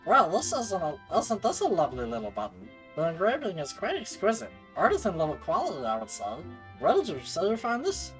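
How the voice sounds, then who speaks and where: A man voicing a woman guild leader in a croaky, sly gremlin voice, reading game dialogue aloud. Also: high-pitched, wildly swooping pitch, fairly quick, soft background music, pitched above the performer's own voice. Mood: gleeful.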